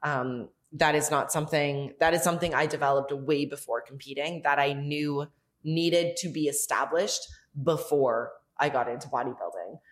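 A woman's voice: low voice, normal speed. A young woman hosting a podcast, talking candidly in a casual monologue, swearing freely and saying "like" a lot. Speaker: podcast host.

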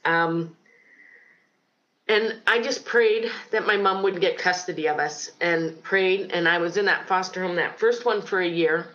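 Earnest woman telling her story, lower voice. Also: a little slow, fairly bright tone, muffled recording. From Ohio, United States. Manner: earnest, reflective, many ums. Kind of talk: personal testimony in an interview.

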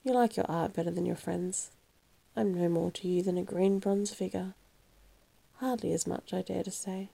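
A woman's voice: lowish voice, fairly even intonation, normal speed, gravelly, dark tone, breathy edge, full character voice. A woman voicing a vain young man who is pleading with passion in an audiobook. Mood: anguished. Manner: impassioned, pleading. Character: vain young man in anguish over aging.

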